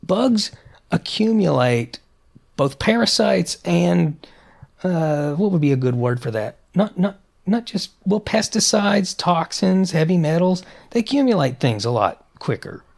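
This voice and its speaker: A man co-hosting a podcast, chatting in an animated, opinionated way with frequent restarts. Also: high-pitched, a little slow, vocal fry. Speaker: podcast co-host. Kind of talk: casual podcast chat.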